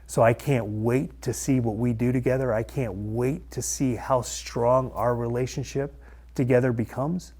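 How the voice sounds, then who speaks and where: A man's voice: medium pitch, fairly even intonation, a little slow, warm tone. A middle-aged man, a mortgage lender turned coach, telling his personal story to camera in an earnest, conversational way that repeats phrases for emphasis.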